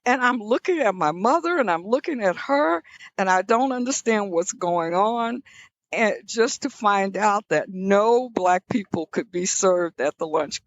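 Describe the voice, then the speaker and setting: Older woman telling measured stories. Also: medium pitch, lively intonation, no echo, lo-fi sound. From Southern US. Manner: reflective, measured, frequent restarts. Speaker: guest, leadership scholar. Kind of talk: conversational interview storytelling.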